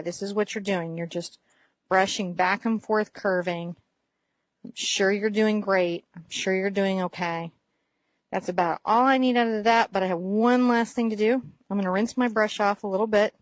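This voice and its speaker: A woman teaching a painting lesson in a gentle, encouraging way, describing each brushstroke as she works. Her voice sits at a middle pitch and is recorded dry and close, with no room sound. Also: dry recording. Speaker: art teacher.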